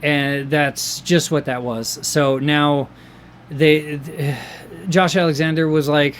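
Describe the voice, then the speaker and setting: Excitable rambling man, slightly high voice. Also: slow, slight background noise. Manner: rambling and excitable, with many fillers and restarts. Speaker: wrestling show reviewer. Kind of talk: casual chat.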